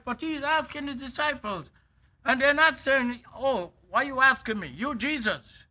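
A man preaching a sermon as an elder, emphatic and drawn out, with sudden loud bursts. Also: very high-pitched, moderate pace.

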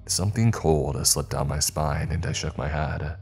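A man narrating a horror story in a measured, ominous way. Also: a bass voice, fairly even intonation, vocal fry, darkish tone, breathy edge, faint music behind.

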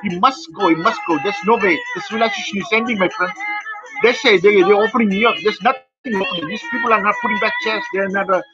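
A man's voice: sits high, fairly even intonation, quick pace. A man in a rambling, repetitive rant monologue, stumbling over words and repeating himself. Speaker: vlogger. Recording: dull lo-fi audio over loud music.

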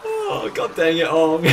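Hyped young guy reacting to clips, high voice swinging all over, laughing a lot. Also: slow, noisy background. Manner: excitable, laughs often, exclaims. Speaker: YouTube reactor. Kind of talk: casual reaction commentary. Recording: music playing underneath.

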